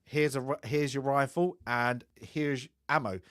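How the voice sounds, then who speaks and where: A man's voice: mid-range voice, fairly even intonation, a little slow, fairly bright tone, smooth, no echo, studio quality. A man co-hosting a casual film chat, rambling and laughing often. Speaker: podcast co-host.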